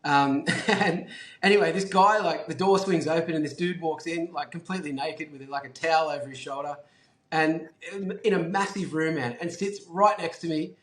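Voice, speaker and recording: This interview guest, a business founder, spins casual stories with lots of laughter and the odd swear word. His voice is on the high side and fairly bright, at normal speed, and the room sounds echoey.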